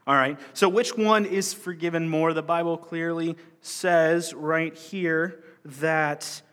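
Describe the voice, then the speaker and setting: In a large hall, a man teaches a Bible parable sermon-style, keeping it loose and conversational and acting out the lines of the people he quotes. His voice is fairly high, fairly bright and clean, with a steady tone and slow pace.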